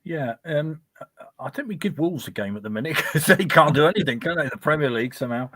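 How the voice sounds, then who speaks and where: A man's voice: a little high, lively intonation, fast talker, pushed and bright, dry recording. A man hosting a casual fan talk show, chatty and reading out listener messages. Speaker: host.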